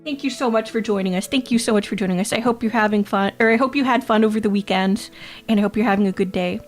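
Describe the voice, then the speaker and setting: A VTuber streamer with a medium-pitched voice talks fast over faint music, reading chat aloud, cracking crude jokes and laughing often. She tends to repeat her own phrases.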